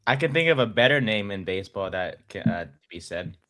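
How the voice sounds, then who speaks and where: A man co-hosting a sports podcast, teasing his co-hosts in a playful, drawn-out way. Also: lowish voice, lively intonation, bright, forceful tone, no echo, clean studio sound. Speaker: podcast co-host. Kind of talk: casual sports banter.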